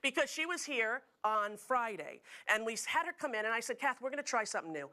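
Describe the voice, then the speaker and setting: A woman's voice: a little high, sing-song, fairly quick, sharp tone. A middle-aged woman hosting a talk show, telling jokey stories to a studio audience. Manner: chatty, jokey storytelling with frequent laughs.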